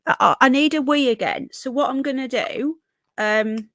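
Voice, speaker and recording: Livestream host, woman, soft Brummie lilt with a Yorkshire edge, rambling chat, slightly high voice. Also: normal speed, no echo, clean studio sound. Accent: toned-down Birmingham with a bit of Yorkshire. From Birmingham, England. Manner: chatty, rambling, reads out viewer comments. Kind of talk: casual live-stream chat reading comments.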